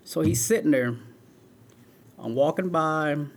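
Gravelly man in his forties telling his story. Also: a little high, measured pace. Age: 40s. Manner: earnest, storytelling with filler "man" and "right". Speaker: interview guest.

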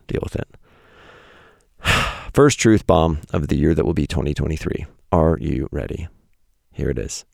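This thirtysomething podcast host reads his weekly essay in a very deep, gravelly voice with a slightly mellow quality. His tone is casual and wry, self-deprecating, with blunt asides, and the sound is clean studio audio without echo.

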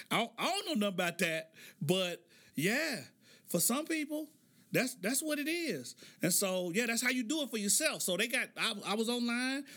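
A man's voice: very high-pitched, pushed and bright. A middle-aged man hosting a podcast, telling jokey stories in a loose, casual monologue. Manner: joking, loose storytelling with laughs. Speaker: podcast host.

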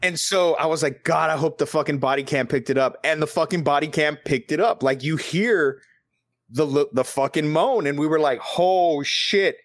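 Profane, animated male podcast host. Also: fairly high pitch, normal speed, no echo, studio quality. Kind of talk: casual storytelling chat.

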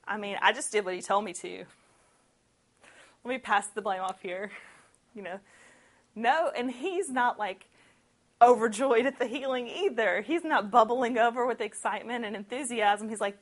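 A woman preaching a sermon, reading scripture and explaining it in a conversational, expressive way with lively asides. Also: fairly high pitch, moderate pace.

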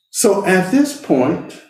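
A middle-aged man telling a personal story to an audience, speaking slowly and earnestly with long deliberate pauses. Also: high voice, a little mellow. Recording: roomy sound from a distant mic.

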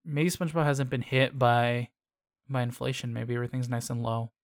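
Chatty podcast host, dry close sound. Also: male voice, medium pitch, normal speed, no echo. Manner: animated, playful, lots of filler "like". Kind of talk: casual chat.

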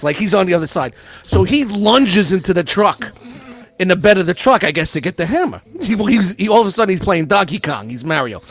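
A man's voice: high voice, no echo. A middle-aged man hosting a podcast, telling a rage story full of swearing and acting out both sides of an argument. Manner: animated, swears constantly, acts out quarrels with raised voice. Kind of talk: profane casual storytelling.

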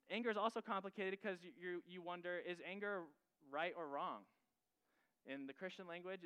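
Conversational male preacher, smooth clear voice. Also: on the high side, fairly bright tone, poor audio. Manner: conversational, asks the audience directly. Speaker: pastor. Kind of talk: sermon.

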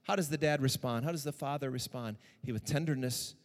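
A man preaching a sermon in an animated way, often repeating lines for emphasis. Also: mid-range voice, brisk, long reverb tail.

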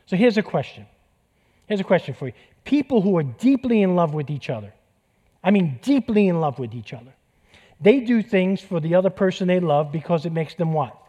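Middle-aged pastor, light-voiced, joking. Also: male voice, high-pitched, expressive, brisk, dark tone, lo-fi sound. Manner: conversational preaching with jokes and repeated phrases. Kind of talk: sermon. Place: church.

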